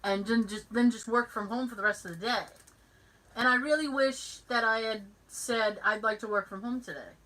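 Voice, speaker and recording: Fairly high in pitch and speaking at normal speed, a woman hosts a podcast and chats casually. She's an animated storyteller who performs each voice in her anecdotes. The audio is poor.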